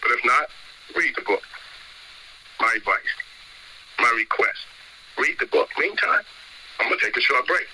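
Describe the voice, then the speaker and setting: Husky bright-toned guy preaching over a phone line, emphatic and scolding. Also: medium pitch, lively intonation, normal speed, long pauses. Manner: emphatic, scolding, repeats commands. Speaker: preacher reading scripture on a call. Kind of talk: sermon-style scripture talk.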